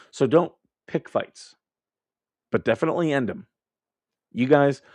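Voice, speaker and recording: Male streamer host, blunt and foul-mouthed, mid pitch, dry close sound. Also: darkish tone, dry recording. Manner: blunt, profane and combative; laughs at his own remarks. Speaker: livestream host. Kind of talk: casual live commentary.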